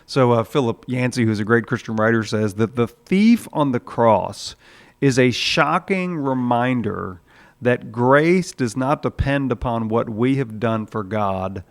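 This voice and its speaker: A man's voice: medium pitch, lively intonation, unhurried. A man preaching a sermon in a conversational way, with frequent "uh"s, now and then acting out the voices in his story. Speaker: pastor.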